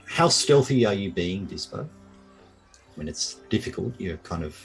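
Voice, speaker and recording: A man narrating as game master of an online tabletop game, halting and full of restarts and fillers. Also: low-pitched, big pitch swings, vocal fry, soft background music, low-quality recording. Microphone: online call mic.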